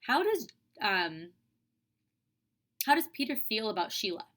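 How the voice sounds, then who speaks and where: A woman's voice: medium pitch, big pitch swings, measured pace, bright, forceful tone. A young woman teacher reading a children's book aloud and talking through the questions in a casual, chatty way. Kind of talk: reading aloud and explaining a lesson.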